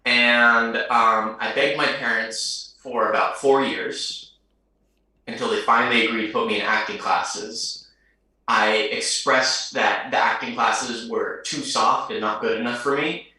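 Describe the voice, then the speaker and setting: Bright young man, very echoey and distant. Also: mid-range voice, fairly even intonation, a little slow. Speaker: actor guest. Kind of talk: casual chat.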